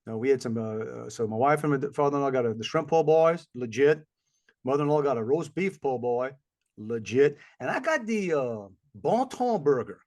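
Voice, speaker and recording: In a mid-range, darkish voice that is expressive and moderately paced, a middle-aged podcast co-host chats casually. He's a rambling storyteller who imitates the voices of people he's met along the way.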